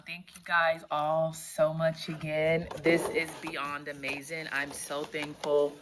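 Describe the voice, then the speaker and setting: A woman teacher chats her way through an unboxing vlog in a low, deep-set voice. She talks at an easy, drawn-out pace and gushes freely, gasping often. A steady hiss of background noise sits under the recording. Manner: effusive, gushing, often gasping with delight. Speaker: teacher and vlogger. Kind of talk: casual unboxing vlog chat.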